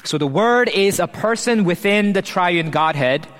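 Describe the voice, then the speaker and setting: Male pastor, slightly high voice, earnest sermon delivery with emphatic pauses, long church-hall reverb. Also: lively intonation, a bit bright.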